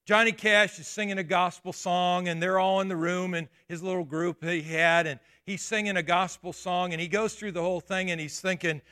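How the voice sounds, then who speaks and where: High-voiced, bright preaching man. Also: steady tone, a little fast, hardly any pauses. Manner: emphatic preaching with rhetorical questions to the congregation; conversational asides and restarts. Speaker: pastor. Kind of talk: sermon.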